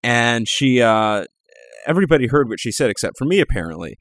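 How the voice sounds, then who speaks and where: A man's voice: mid-range voice, very animated, brisk, dry recording. A man co-hosting a casual talk show, rambling along with many fillers and restarts.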